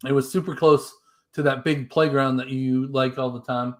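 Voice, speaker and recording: A man's voice: mid-range voice, fairly even intonation, normal speed, a little mellow. A man co-hosting a live stream, casually reading viewer comments and chatting about upcoming videos. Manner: easygoing, reads comments aloud.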